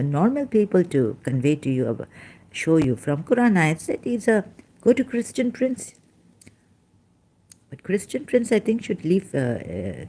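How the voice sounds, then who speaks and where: A woman's voice: sits low, warm tone. A woman giving casual solo commentary while reading scripture aloud, emotional and rambling, often breaking off mid-thought to correct herself. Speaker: religion commentator.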